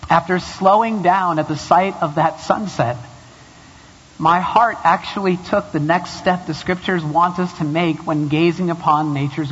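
A man's voice: fairly high pitch, fairly bright tone, slightly rough. A man preaching a chapel sermon, joking about himself before turning earnest and emphatic. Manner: self-deprecating humor, building to earnest emphasis. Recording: dull recording in a long-echo hall.

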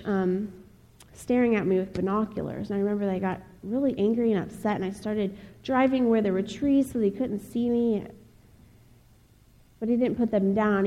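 A young woman from Ohio giving a personal testimony speech, telling her story in an earnest, measured way with pauses. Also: medium pitch, warm tone, highs cut off. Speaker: speaker. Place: chapel. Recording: long reverb of a large hall.

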